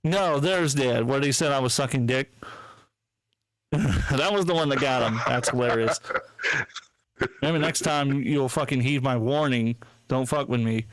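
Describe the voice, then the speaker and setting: A man's voice: medium pitch, unhurried, long pauses, no echo. A man hosting a podcast, ranting with heavy profanity, mocking and indignant, reading posts aloud and laughing. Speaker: podcast host. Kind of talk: casual podcast rant.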